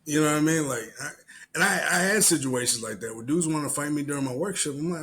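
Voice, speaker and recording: A man hosting a solo podcast, telling animated, profane stories and giving his opinions. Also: fairly high pitch, fast talker, a little hiss or hum, rough recording. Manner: profane, animated storyteller who acts out other people's lines. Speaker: podcast host. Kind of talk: solo podcast commentary and storytelling.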